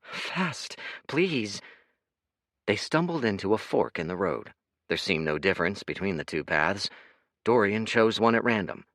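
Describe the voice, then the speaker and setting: A man narrating an audiobook in an expressive, dramatic reading. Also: deep voice, moderate pace, dry recording, studio quality.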